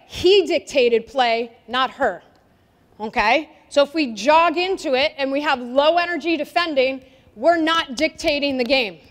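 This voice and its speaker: A woman soccer coach running a drill at a clinic, giving directions and quizzing the players in a lively, energetic way. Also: sits high. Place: indoor gym. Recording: long reverb of a gym hall.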